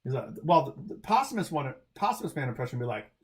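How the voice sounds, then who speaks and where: A man's voice: medium pitch, very animated, quick pace. A man in the middle of his range chats casually on his own livestream, reading out viewer questions and answering them. He rambles freely, stacking fillers and restarting his sentences as he goes. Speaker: livestream host answering chat.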